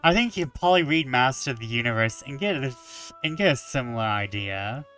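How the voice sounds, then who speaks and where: A man's voice: medium pitch, lively intonation, a little fast, pushed and bright, faint music behind. A man reading a story game aloud and adding wry, joking asides. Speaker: gamer.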